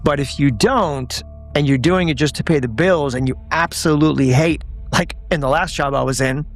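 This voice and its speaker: Man, raised pitch, earnest opinionated presenter, faint music behind. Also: normal speed. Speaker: online show host. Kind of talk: talking to camera.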